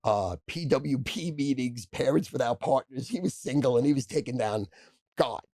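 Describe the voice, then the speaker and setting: A man in his sixties, a podcast guest, telling profane stories in a rapid-fire, casual way. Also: medium pitch, animated, dark tone, dry recording, studio quality. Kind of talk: casual storytelling.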